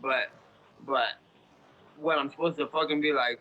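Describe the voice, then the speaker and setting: Man, 30s, interview guest: blunt, cursing, rambling, sharp forceful tone, slightly high voice. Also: fairly even intonation, moderate pace, lo-fi sound, a little hiss or hum. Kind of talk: casual interview talk.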